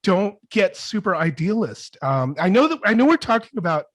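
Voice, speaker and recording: A man's voice: high-pitched, normal speed, no echo. A man, a music producer, telling stories on an online panel with lots of restarts and fillers, speaking over a video call from his home studio. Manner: rambling, animated storytelling with many restarts. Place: home studio with colorful backdrop.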